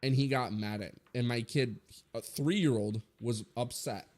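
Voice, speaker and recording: A man's voice: medium pitch, unhurried, darkish tone. A man in his twenties giving a blunt, rambling opinion rant full of swearing, as a streamer talking to his viewers.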